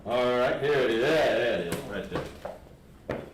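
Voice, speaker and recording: In a classroom that echoes and carries some background noise, a Southern American man who teaches Hebrew lettering explains the lesson to his students step by step, with patience. His medium-pitched voice is expressive and a little fast.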